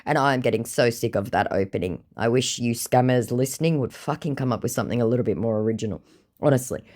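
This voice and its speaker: A woman's voice: extremely low pitch, quick pace, darkish tone. A woman vlogger telling a scam-baiting story in a sarcastic, exasperated way and swearing freely. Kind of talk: casual storytelling, reading chats aloud.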